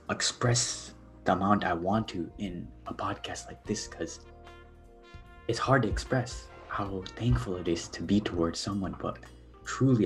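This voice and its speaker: Deep-voiced young man, earnest and hesitant. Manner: earnest, hesitant, many fillers. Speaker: podcast guest. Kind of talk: personal storytelling on a podcast.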